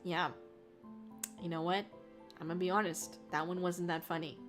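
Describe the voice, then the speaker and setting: Woman streamer rambling to chat, giggly, swears a lot, some soft music in the back. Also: fairly low pitch, flat delivery, moderate pace. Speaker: VTuber streamer. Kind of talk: casual live-stream chat reading viewer comments. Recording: faint music underneath.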